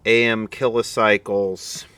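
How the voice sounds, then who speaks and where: A man's voice: fairly low pitch, flat delivery, slow, sharp tone, a little hiss or hum. A middle-aged man casually narrating as he inspects old equipment in a workshop, thinking aloud with mumbled asides. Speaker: repair video host.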